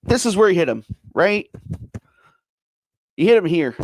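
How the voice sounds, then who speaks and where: A man's voice: high voice, big pitch swings, a little slow, dry recording, studio quality. A middle-aged man hosting a casual sports podcast alone, rambling with lots of fillers and repeats as he reads comments. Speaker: podcast host. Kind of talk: casual solo sports talk reading viewer comments.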